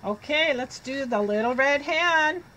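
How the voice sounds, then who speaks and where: A middle-aged woman reads picture books to a child, slow and animated, and stops often to ask questions. Her voice is fairly high and bright, with a faint hum of the room behind it. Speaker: reading teacher.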